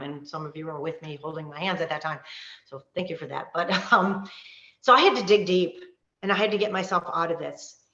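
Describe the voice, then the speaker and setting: Passionate woman coach, fast and forceful, roomy and lo-fi video-call sound. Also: fairly low pitch. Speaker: wellness coach. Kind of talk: live online workshop talk. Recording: roomy, dull lo-fi call audio.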